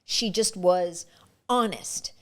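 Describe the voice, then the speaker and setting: A middle-aged actress telling stories in a casual interview, animated, restarting her sentences and acting out what people said. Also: on the low side, slow pace. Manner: animated, acts out quoted dialogue, frequent restarts. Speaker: guest actress.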